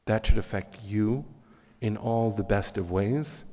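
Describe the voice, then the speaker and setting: Man giving a heartfelt speech at some community event, lowish voice, big roomy hall sound. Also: a little slow, warm tone. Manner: heartfelt, earnest storytelling. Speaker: guest speaker at a community meeting. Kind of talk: inspirational speech with personal stories.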